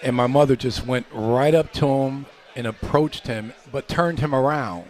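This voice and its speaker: A middle-aged man, a former pro basketball player, telling long anecdotes as a guest on a live radio show, relaxed and acting out the voices of people in his stories. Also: medium pitch, normal speed, some chatter behind. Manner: relaxed anecdotal storyteller, acts out quoted voices. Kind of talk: storytelling in a live radio chat.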